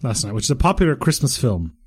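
A male podcast co-host from Croatia chatting casually with a friend. His voice moves around a lot in pitch. He tells stories in a playful, lively way. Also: quick pace, husky. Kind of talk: casual chat.

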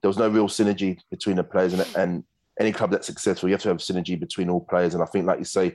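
A man, a former footballer, telling animated stories in a casual interview. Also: sits low. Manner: fast, animated anecdotes with acted quotes.

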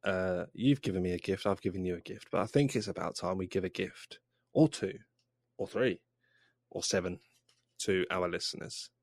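A man's voice: deep voice, moderate pace, darkish tone, dry recording, clean studio sound. A man hosting a comedy podcast, chatting casually, swearing freely and sharing trivia with gusto. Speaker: podcast host.

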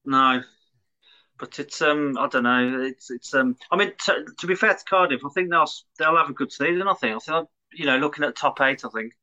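A man on a football podcast chats in a measured, agreeable way and reads out results. His voice is bright and forward. The sound is dry and close, with no room echo. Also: fairly high pitch, highs cut off. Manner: measured, agreeable, stat-quoting. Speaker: podcast panelist. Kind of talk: casual football chat.

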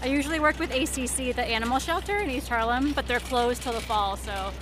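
A woman's voice: high voice, fast talker. A woman photographer interviewed on a city street, talking casually with some hesitation. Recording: street noise behind.

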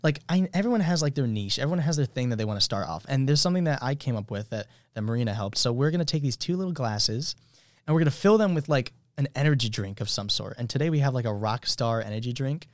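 A man's voice: medium pitch, expressive, quick pace, no echo, clean studio sound. Rambling young man podcast host. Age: young adult. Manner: rambling, filler-heavy, upbeat. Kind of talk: casual chat.

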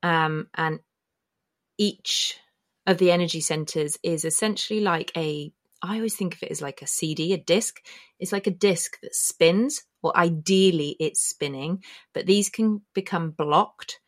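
A woman's voice: fairly low pitch, a little slow. A woman hosting her own podcast, explaining a spiritual topic in a chatty, meandering way and correcting herself as she goes. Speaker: podcast host. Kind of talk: casual spoken explainer. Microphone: filmed while talking, pointing to body.

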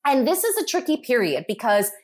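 A woman guest talking through a history topic on a podcast, explaining at length in a lively way with asides. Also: on the high side, brisk.

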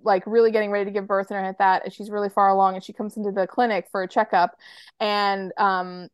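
A woman's voice: mid-range voice, little pitch movement, fast talker, clean tone, dry recording, studio quality. An American woman co-hosting a podcast, chatting casually with lots of fillers and restarts. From United States. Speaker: podcast co-host. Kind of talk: casual chat.

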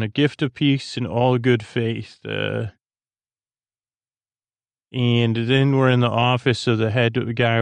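Flat-voiced man with a gravelly edge. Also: medium pitch, no echo. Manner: meandering, filler-heavy, flat recap. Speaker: podcast host. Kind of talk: rambling episode recap for sleep.

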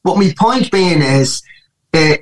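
Irish musician guest, male, Dublin accent, lively anecdotal delivery with restarts, raised pitch. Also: slow pace, rough recording. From Ireland. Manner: animated storytelling with many restarts. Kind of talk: casual interview chat.

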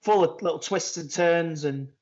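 A man's voice: fairly high pitch, normal speed, darkish tone, dull audio. A man with a Manchester accent co-hosting a podcast in casual chat, talking from outside in a garden. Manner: chatty, laughing, trailing off. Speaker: podcast co-host. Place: outdoors in a garden.

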